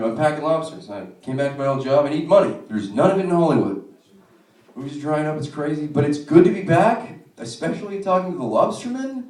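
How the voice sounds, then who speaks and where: A man in his twenties doing a stand-up comedy set in a club, telling profane, animated stories with quick asides. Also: on the high side, reverberant, recorded from a distance.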